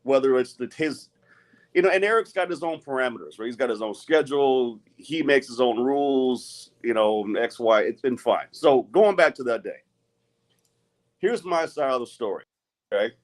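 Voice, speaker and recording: A man's voice: mid-range voice, lively intonation, normal speed. A middle-aged man, an arm wrestler, speaking bluntly and with a lot of swearing in a heated live-stream rant. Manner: profane, blunt and agitated.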